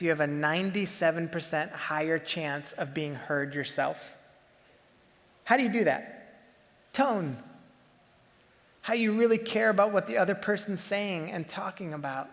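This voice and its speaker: A man with a high-pitched voice preaching a sermon. His delivery is conversational and leans on rhetorical questions. His voice carries a long reverb from a large hall. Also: fairly bright tone. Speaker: pastor.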